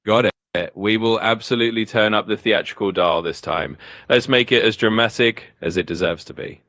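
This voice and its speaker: A male AI voice assistant answering questions in an upbeat, eager way, with quick explanations. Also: mid-range voice, a bit bright, no room sound, studio quality. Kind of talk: conversational answers.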